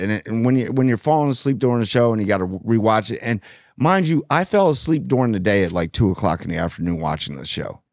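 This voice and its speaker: Man, TV review host, sarcastic, rambling, lowish voice, dry muffled recording. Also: no echo. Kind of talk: casual spoiler review.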